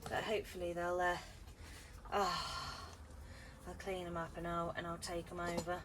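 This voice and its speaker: With a fairly low pitch and a completely flat delivery at a moderate pace, this woman is a gardening vlogger chatting casually as she gardens, squealing with delight at each find. She's filmed outdoors on a GoPro camera, and background noise can be heard.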